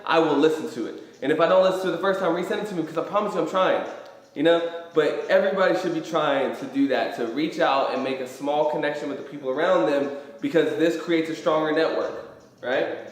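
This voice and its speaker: A man's voice: on the high side, fast. Earnest man talking in an echoey hall. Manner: emphatic, rambling, swears freely. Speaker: host. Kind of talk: motivational live-stream talk.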